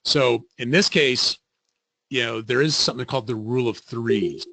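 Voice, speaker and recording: A middle-aged man presenting a webinar in a lively, storytelling way, acting out the voices of people he quotes. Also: mid-range voice, moderate pace, gravelly, dry recording. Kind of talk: interactive webinar talk.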